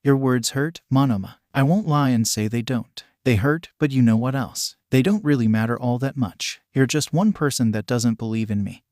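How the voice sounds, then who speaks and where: Guy reading as a sincere teen hero boy, calm and steady, mid pitch. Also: moderate pace, few pauses, no echo, clean studio sound, lightly acted. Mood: earnest. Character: earnest, kind-hearted teenage boy hero.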